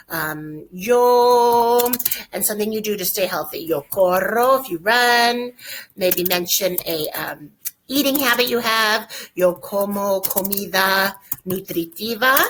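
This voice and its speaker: An upbeat woman walks students through a recorded Spanish lesson, speaking in a folksy, chatty way. She slows right down to spell out the example phrases. A faint hiss and a few clicks sit under her mid-pitched voice. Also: a bit bright. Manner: upbeat, folksy teacher talk, slow drilled example phrases. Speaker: Spanish teacher.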